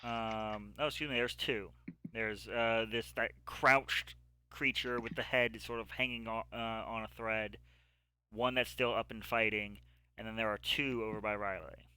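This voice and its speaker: A man narrates a tabletop fight as game master, pausing often with fillers as he describes the action. His voice is bright and forward. The sound is dry and close, with little room. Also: on the low side, steady tone, clear, resonant tone, no echo. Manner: halting descriptive narration with many ums. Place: home setup, streamed live.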